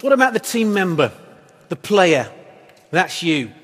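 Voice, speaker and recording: A man's voice: high-pitched, very animated, a little slow, fairly bright tone, slightly rough. A man preaching a sermon as pastor, in a conversational, wry style full of rhetorical questions. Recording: echoey hall reverb.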